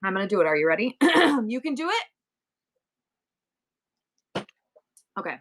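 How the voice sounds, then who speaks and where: A woman in her forties selling on a live stream, chatting casually and practicing rapid auctioneer-style number chants. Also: medium pitch, very animated, fairly bright tone.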